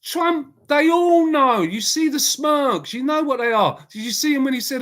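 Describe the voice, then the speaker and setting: A man's voice: very high-pitched, animated, normal speed, few pauses, a bit bright. A man hosting a casual live chat, talking bluntly in a rambling way and answering viewers by name. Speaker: livestream host.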